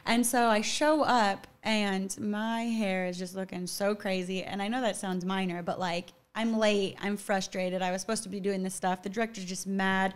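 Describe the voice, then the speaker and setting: A woman's voice: mid-range voice, steady tone, normal speed, hardly any pauses, clear, resonant tone. Chatty young woman saying "like" a lot. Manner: chatty, fills talk with "like". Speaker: actor guest. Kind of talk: casual podcast interview.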